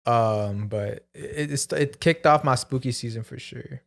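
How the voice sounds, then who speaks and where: A laid-back man co-hosting a podcast, cursing casually and laughing along with friends. His voice sits in a middle range, neither high nor low, and he drifts easily between stories. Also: a little slow, gravelly. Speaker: podcast co-host. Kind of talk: casual chat.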